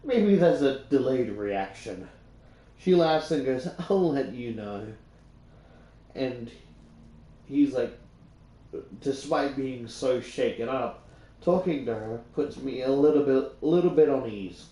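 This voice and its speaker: A man's voice: mid-range voice, animated, takes it slowly, long pauses, mellow. A young Australian man casually reading and retelling a book, rambling with lots of fillers and restarts. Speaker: YouTuber reading a book aloud. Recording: roomy echo.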